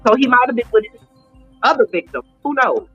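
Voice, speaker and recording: A woman's voice: a little high, fairly quick, husky, phone-quality sound, soft background music. A woman in her late forties, an interview guest, telling her personal story candidly and acting out quoted dialogue. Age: 40s. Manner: animated, emphatic retelling with quoted dialogue.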